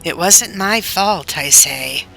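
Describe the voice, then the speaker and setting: A woman reading aloud, voicing a rough, blustering big boy who speaks surlily. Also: on the low side, normal speed, bright, forceful tone, faint music behind, voice pushed up, low-quality recording. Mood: rough, surly.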